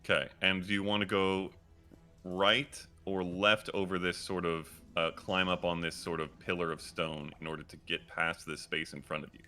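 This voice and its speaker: A man acting as dungeon master, narrating a tabletop game scene slowly and descriptively, with frequent fillers. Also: low-pitched, level tone, bright, forceful tone, faint music behind.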